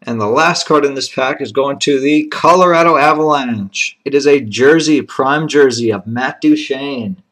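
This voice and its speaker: Man calmly announcing card pulls. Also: medium pitch, moderate pace, few pauses. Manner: steady, methodical announcing of each card and serial number. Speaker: card box break host. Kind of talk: live card-opening commentary.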